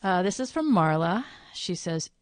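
This is a woman hosting an online question session, reading viewer questions and commenting on them in an easygoing way. Her voice sits on the lower side, and the sound is dry, close and free of room echo. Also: sing-song, moderate pace. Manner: chatty, informal, thinks aloud. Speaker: webinar moderator.

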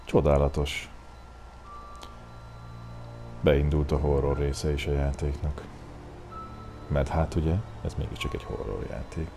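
A man's voice: a bass voice, fairly even intonation, moderate pace, creaky, background noise. A man commentating a horror game playthrough in a chatty, sarcastic way. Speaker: gameplay commentator. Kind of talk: let's play commentary.

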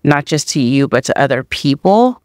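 A woman's voice: very deep voice, very animated, a little mellow, no room sound, clean studio sound. A woman hosting a podcast responds to her guest in a reflective, encouraging way during a casual interview. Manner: reflective and encouraging, drawn-out phrasing. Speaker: podcast host.

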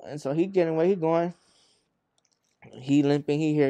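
A young man from Arizona tells a story in a loose, rambling way, full of swearing and acted-out quotes. His voice sits a little high but has a mellow, dark tone. The sound is close and dry. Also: fairly quick, long pauses, no echo. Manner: rambling, profane, acts out quotes. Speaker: rapper guest. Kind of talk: casual interview storytelling.

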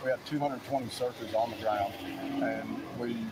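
A man, an emergency management director, giving a steady press briefing outdoors, listing resources with frequent restarts. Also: mid-range voice, normal speed. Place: outdoors at a search site. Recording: outdoor briefing with loud background noise.

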